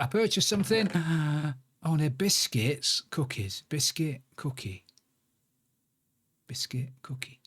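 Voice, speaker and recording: A chatty man live-streaming a game, rambling along as he plays and greeting viewers by name. His voice sits a touch higher than most men's. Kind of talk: casual live-stream chat while playing.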